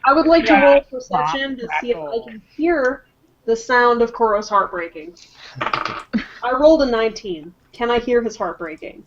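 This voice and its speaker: A woman's voice: fairly high pitch, normal speed, highs cut off, very noisy. A woman playing a tabletop game, making wry jokes and asking the game master about her rolls. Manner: joking, wry asides. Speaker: player. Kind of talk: casual chat at a game table.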